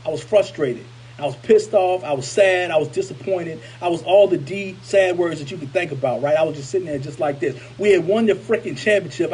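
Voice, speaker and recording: High-voiced man telling a story. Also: slight background noise, poor audio. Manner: animated, repetitive, conversational. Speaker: motivational speaker. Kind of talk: storytelling to camera.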